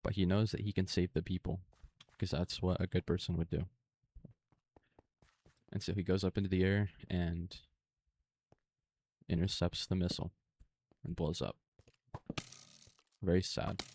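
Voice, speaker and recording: A man casually retelling a movie in a flat, monotone way over gameplay, speaking close to a desktop microphone with plenty of fillers. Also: deep voice, unhurried, long pauses, no room sound. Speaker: gaming video creator.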